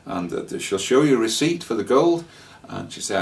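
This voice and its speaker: A man with a fairly low voice talks through a travel story in a loose, rambling way, stopping often on fillers and restarting his sentences. He sits a little back from the microphone, so his voice sounds somewhat distant. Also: expressive, normal speed, vocal fry, few pauses. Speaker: traveller sharing scam warnings. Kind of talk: casual spoken anecdote.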